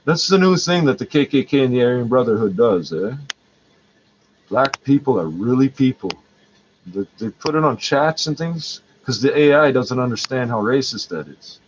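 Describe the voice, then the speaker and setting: A man's voice: medium pitch, lively intonation, normal speed, dull audio, slight background noise. A man in pain, ranting in a rambling, heated and profane way. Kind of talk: angry rambling rant.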